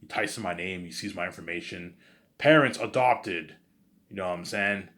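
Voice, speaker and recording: Male vlogger, low-pitched, rapid and rambling, crude, stumbles and restarts often. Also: little pitch movement, bright, forceful tone. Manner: rambling, profane, keeps saying "you know what I'm saying". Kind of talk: casual storytelling.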